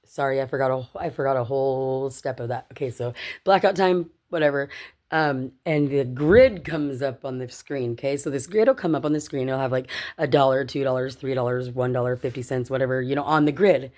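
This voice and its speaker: A woman's voice: very deep voice, brisk, a little mellow. A woman vlogger telling a personal story casually to her viewers, chatty and swearing, often laughing and calling them "you guys.".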